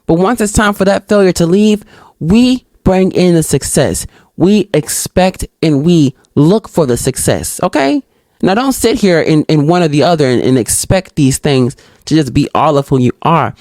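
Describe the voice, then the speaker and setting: A woman hosting a solo podcast, reading out reflection questions and answering them in an animated, outspoken way, talking straight to her listeners and acting out little exchanges. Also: normal speed, no echo. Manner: acts out little dialogues in higher voices. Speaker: podcast host.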